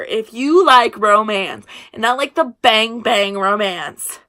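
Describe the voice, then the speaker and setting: A young woman book vlogger chats and gushes to her camera in a casual review video, often trailing off mid-sentence. Her voice sits fairly high, with a sharp tone, and she takes her time speaking.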